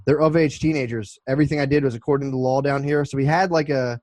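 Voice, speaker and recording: A man's voice: medium pitch, fairly even intonation, fast talker, darkish tone, no room sound, rough recording. Profane rambling podcast guy. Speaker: podcast co-host. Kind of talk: casual chat.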